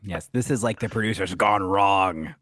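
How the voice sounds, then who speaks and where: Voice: low-pitched, normal speed, a bit bright, no room sound. A podcast co-host in casual recap chat, reacting with sassy remarks and gasps.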